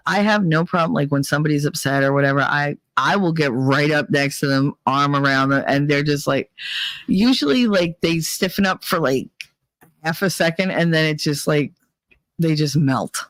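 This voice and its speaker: A woman hosting a casual storytelling monologue, blunt and profane, with Italian-American family roots, who acts out other people's voices in high squeals. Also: no echo. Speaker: podcast host.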